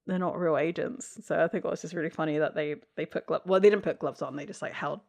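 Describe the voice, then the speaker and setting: A woman with a fairly low voice co-hosts a podcast and chats casually about a TV episode. She retells scenes by quoting the characters and giggles often along the way. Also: fairly even intonation, fast, creaky, darkish tone. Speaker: podcast co-host. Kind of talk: casual chat recapping a TV episode.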